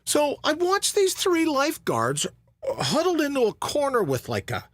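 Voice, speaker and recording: A middle-aged man spins a funny story as a podcast host, his pitch leaping up and down as he acts out other people's lines. The sound is dry and close, with no room around it. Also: huge pitch swings, unhurried, no echo. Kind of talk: storytelling monologue.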